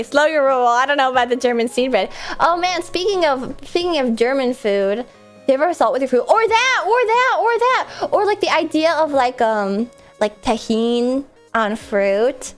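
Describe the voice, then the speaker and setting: A woman streamer with a cold sounds stuffed up as she reads out viewer messages, chatting casually and giggling, full of "likes" and restarts. Her voice is high-pitched and moderately paced, with faint music in the background.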